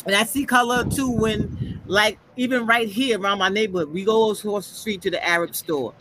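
A woman's voice: mid-range voice, moderate pace, noisy background. A woman chatting on a podcast, telling stories animatedly and acting out the voices she quotes. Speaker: podcast panelist. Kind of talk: casual chat.

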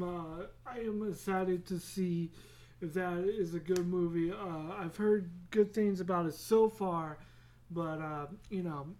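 Slow, rambling male podcast host. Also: high voice, a little mellow. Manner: rambling, easily sidetracked, laughs at himself; swears casually. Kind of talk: solo casual podcast chat.

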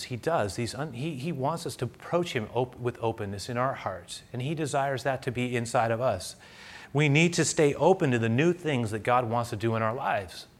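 A middle-aged man preaching a sermon, telling stories conversationally and growing loud and animated at times. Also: medium pitch. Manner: conversational, animated storytelling with bursts of loud excitement. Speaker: pastor.

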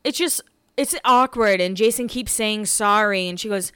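A young woman talks into a close mic for her solo podcast, gossipy and chatty, tossing in swear words and little acted-out quotes. Her voice is bright and crisp, with a dry, close sound and no room around it. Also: mid-range voice, moderate pace, no room sound. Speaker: podcast host recapping a reality show. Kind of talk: casual solo podcast recap.

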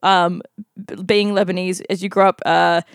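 A woman's voice: on the low side, normal speed, smooth, dry recording, clean studio sound. A woman telling an awkward personal story with laughter, acting out the dialogue. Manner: animated, laughing, acts out dialogue. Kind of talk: casual storytelling.

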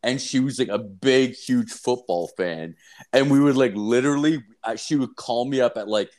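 A man's voice: medium pitch, normal speed, a little mellow. A man co-hosting a casual podcast, talking in a laid-back bro way and swearing heavily. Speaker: podcast co-host.

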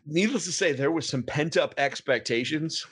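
A man's voice: a little high, moderate pace, fairly bright tone, breathy edge. A man hosting a casual podcast, playfully running a word game with his co-host. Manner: playful, reads aloud with a put-on pirate lilt.

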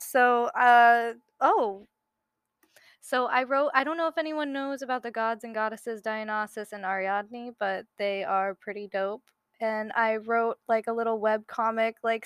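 A young woman reading her own writing aloud, slowly, with self-deprecating nervous jokes in between. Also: fairly high pitch, fairly bright tone, smooth, no echo, clean studio sound.

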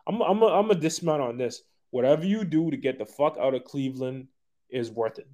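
A man co-hosting a podcast, ranting in profane, animated casual chat. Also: mid-range voice, fairly quick. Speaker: podcast co-host.

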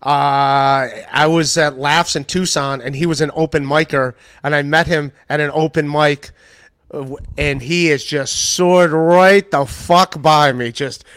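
Comedian guest, man, pitched a bit high, storyteller who plays out quotes, dry close mic. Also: fairly even intonation, a little slow, a bit bright, clean tone, no echo. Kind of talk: casual podcast chat.

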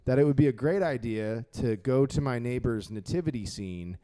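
A young man co-hosting a comedy podcast with his mother, teasing her with quick asides and frequent laughter. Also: mid-range voice, lively intonation, warm tone. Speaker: podcast co-host. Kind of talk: casual comedic chat.

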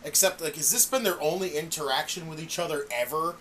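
A podcast co-host reviews wrestling in casual chat, swearing a lot and animatedly acting out other people's outbursts while ranting. The voice is mid-range and fairly quick, with a little hiss or hum.

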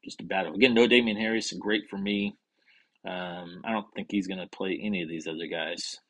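A man with a very low, husky voice talks through his fantasy football league alone. He rambles and cracks jokes. When he trips over a name he swears quietly to himself. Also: fairly even intonation, fairly quick. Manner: rambling, wisecracking, swears under his breath. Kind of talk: casual solo sports chat.

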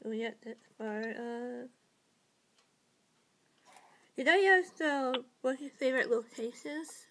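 A woman's voice: sits high, lively intonation, takes it slowly, pauses often, bright, forceful tone, slight background noise. A woman hosting a casual interview, asking easygoing questions with small hesitations. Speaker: interview host.

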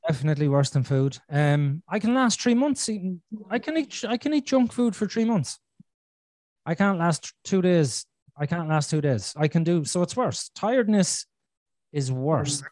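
A man's voice: a little high, big pitch swings, normal speed, darkish tone, no room sound. Blunt, foul-mouthed man, dry sound. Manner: blunt, swears freely, repeats for emphasis. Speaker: podcast host. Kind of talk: candid conversational chat.

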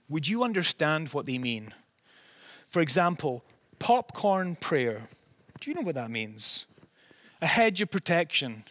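A man delivers a conversational sermon in a Scottish accent worn smooth by years in America. His voice sits somewhat high, and the sound is dry and close. He speaks earnestly and keeps asking the congregation rhetorical questions. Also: a bit bright, no echo. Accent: softened Scottish, partly American. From Scotland. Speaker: pastor.

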